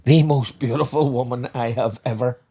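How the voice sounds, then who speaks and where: A man's voice: mid-range voice, steady tone, moderate pace, warm tone, slightly rough. A man co-hosting a podcast, telling rambling anecdotes in casual chat and swearing freely. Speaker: podcast co-host, father.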